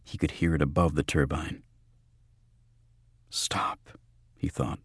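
A man narrating an audiobook in a measured, even storytelling manner. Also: rumbling low, husky, no echo, studio quality. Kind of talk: scripted narration.

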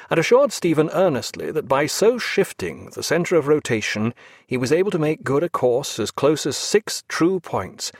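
A man reading a historical naval novel aloud as audiobook narrator, measured and expressive. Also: mid-range voice, no room sound, clean studio sound.

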